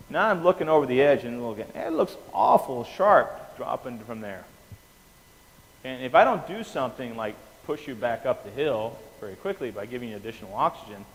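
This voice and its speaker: A man giving an anesthesia lecture, animated, quizzing the class and often checking in with "okay?". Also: mid-range voice. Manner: animated, asks the class questions, keeps saying "okay?". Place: lecture room. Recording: reverberant hall with faint noise.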